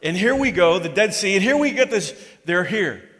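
A man with a high voice preaches a sermon in a relaxed, conversational way. He slips into mock grumbling voices to act out complaints. His voice rings on in a long church-hall reverb. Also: moderate pace. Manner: conversational, acts out the complaints of the crowd. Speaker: pastor.

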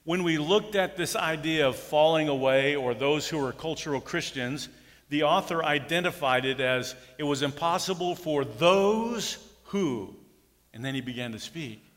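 A man's voice: on the high side, normal speed, a bit bright, long reverb tail. A middle-aged man preaching a sermon in a folksy way, telling personal stories and acting out quotes. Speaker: pastor.

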